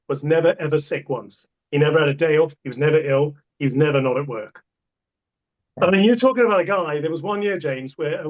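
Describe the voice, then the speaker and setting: A man, a podcast guest, telling stories in a casual, emphatic way and repeating himself for effect. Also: on the high side. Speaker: portable toilet supplier, podcast guest. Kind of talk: casual storytelling. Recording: dull lo-fi sound.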